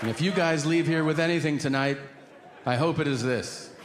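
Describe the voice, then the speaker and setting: A man's voice: on the high side, moderate pace, over a noisy crowd. A middle-aged man doing a stand-up set for a live audience, telling stories and acting out both sides of each conversation. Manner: lively storytelling, acts out both sides of dialogue. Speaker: stand-up comedian. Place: comedy venue before a live audience. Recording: live hall recording with audience noise.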